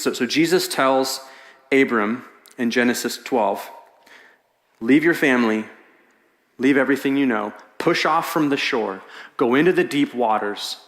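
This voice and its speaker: A pastor with a mid-range voice preaches a sermon in a large church hall, telling a story with lively energy and acting out the voices of its characters. The hall is echoey.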